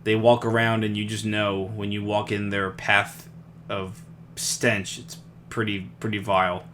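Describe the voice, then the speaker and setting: A man's voice: lowish voice, completely flat delivery, unhurried, fairly bright tone, a little hiss or hum. A young man co-hosting a podcast in casual chat, rambling with restarts and frequent laughs. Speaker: podcast co-host.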